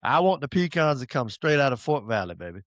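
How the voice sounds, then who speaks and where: Animated man with a dry, close sound. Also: medium pitch, fast, no echo. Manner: animated, drawling, playful swearing. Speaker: podcast co-host. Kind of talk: casual chat.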